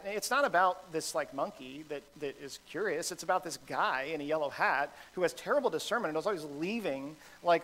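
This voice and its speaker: Man, pastor, sermon, conversational, self-deprecating, filler-heavy, slightly high voice. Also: fairly bright tone, rough recording.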